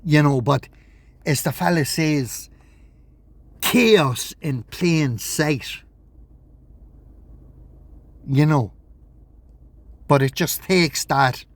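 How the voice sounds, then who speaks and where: A man's voice: fairly high pitch, extremely slow, pauses often, dry recording. A man talking in a rambling vlog monologue, agitated, swearing and repeating himself. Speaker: vlogger.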